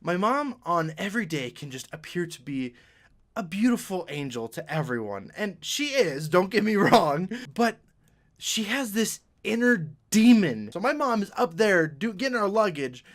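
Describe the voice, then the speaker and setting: High, bright, animated young man. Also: normal speed. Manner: animated, laughing storyteller. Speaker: vlogger. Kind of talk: storytime vlog.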